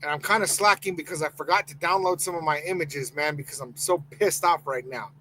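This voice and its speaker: A man's voice: a little high, a little fast, bright, forceful tone, a little hiss or hum, poor audio. A man hosting a live sports podcast, ranting heatedly and reading chat comments aloud. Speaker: podcast host.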